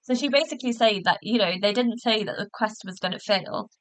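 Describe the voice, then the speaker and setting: A woman's voice: medium pitch, a little fast, a bit bright, no room sound, rough recording. A woman hosting a podcast, chatting casually through a review with lots of fillers and restarts, recorded in a hotel room. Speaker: podcast host.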